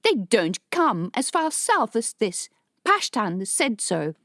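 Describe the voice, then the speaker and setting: A woman's voice: a little high, very animated, slow, a bit bright, dry recording, clean studio sound, voice pushed up, full character voice. A woman voicing an indignant village woman, who speaks with raised, offended insistence. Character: indignant townswoman.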